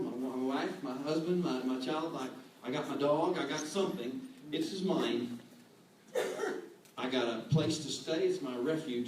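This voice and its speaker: A man giving an animated sermon as a guest speaker, acting out quoted voices. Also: mid-range voice, moderate pace. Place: church hall. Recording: echoey hall, distant mic, faint room noise.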